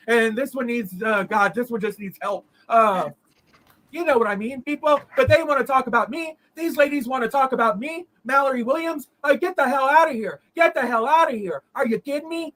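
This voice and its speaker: A woman's voice: high voice, fairly bright tone, poor audio. A woman doing an impression of a brash, foul-mouthed woman streamer, ranting at her audience with repeated rhetorical questions. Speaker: host.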